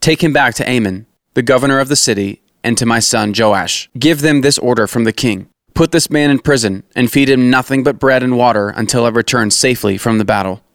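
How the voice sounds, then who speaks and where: A man's voice: medium pitch, fairly quick, hardly any pauses, dry recording, studio quality, natural voice. A man reading aloud, playing a resentful, demanding king in a scripture reading. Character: angry scheming male king.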